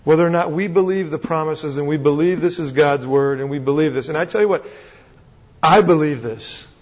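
A man's voice: a little high, fairly quick, a little mellow. A man preaching a sermon to a live audience in a conversational way, asking rhetorical questions and often restarting his sentences. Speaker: pastor. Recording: dull recording in a reverberant hall.

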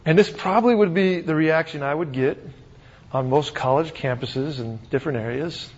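A man's voice: a little high, normal speed, a little mellow, slightly rough. A man preaching a sermon to a live audience in a conversational way, asking rhetorical questions and often restarting his sentences. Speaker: pastor. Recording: dull recording in a reverberant hall.

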